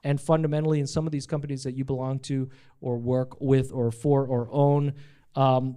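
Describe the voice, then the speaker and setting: A middle-aged man giving a casual live talk about his company to an audience, energetic and profane, with jokey asides. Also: on the high side, smooth. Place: event space in front of a live audience.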